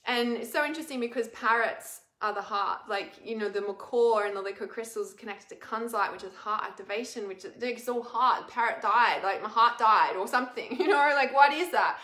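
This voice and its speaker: A woman's voice: a little high, brisk, few pauses, sharp tone. A woman talking casually to her viewers in a rambling, emotional way, full of fillers. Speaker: spiritual vlogger. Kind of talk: casual confessional talk to camera. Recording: echoey room.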